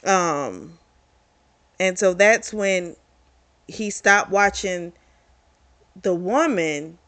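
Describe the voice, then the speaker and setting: A woman's voice: lowish voice, animated, drawn-out words, fairly bright tone. Chatty, candid woman recapping a novel. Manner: candid, chatty, swears freely. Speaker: book reviewer. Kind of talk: casual book recap.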